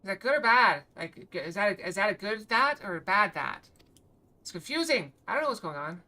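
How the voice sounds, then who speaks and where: A woman streaming a game and chatting casually, playfully trying out a breathy, deep voice. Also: lively intonation, brisk, bright, forceful tone. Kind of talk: casual live-stream chat.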